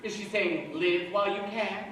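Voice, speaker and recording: A man's voice: high voice, animated, normal speed, very noisy. A young male student actor playing a wistful middle-aged musical fan who confides in the audience in rambling asides during a live stage show. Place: school auditorium stage. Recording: echoey hall from far off.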